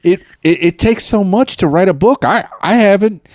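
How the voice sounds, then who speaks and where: A man's voice: high voice, normal speed, darkish tone, no echo, clean studio sound. A man hosting a casual interview, prompting his guest with encouraging questions. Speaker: host.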